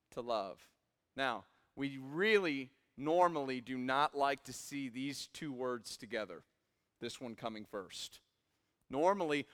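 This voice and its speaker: A young man in his twenties preaching a sermon in a church, swinging from quiet asides to loud emphatic peaks. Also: on the high side, smooth. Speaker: pastor. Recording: hall reverb.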